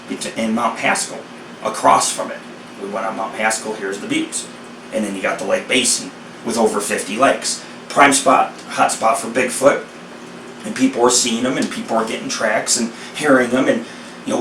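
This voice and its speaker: A man rambling through casual storytelling, excitable and profane. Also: medium pitch, slight background noise. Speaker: vlogger. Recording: echoey sound from a distant mic with faint ambience.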